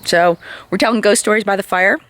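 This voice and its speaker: A woman chatting casually with her family at a campsite and telling a ghost story, in an animated way. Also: medium pitch, a little fast, a crowd in the background, low-quality recording. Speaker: vlogger mom. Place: campsite outdoors.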